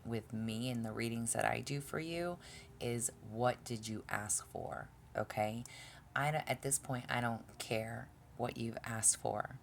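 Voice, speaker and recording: A woman's voice: extremely low pitch, vocal fry, slight background noise. A woman giving a casual tarot reading to her viewers, blunt and exasperated, swearing often and stumbling over her words. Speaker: tarot reader.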